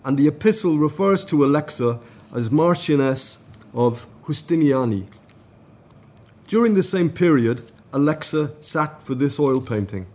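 A man at a conference, reading out a formal academic paper in a measured way. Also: a little high, lively intonation, dark tone. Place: conference room.

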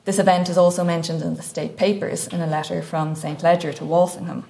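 A woman reading a scholarly paper at an academic conference, with a measured, careful delivery and frequent hesitations. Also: on the low side, level tone, vocal fry, mellow. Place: conference lecture room.

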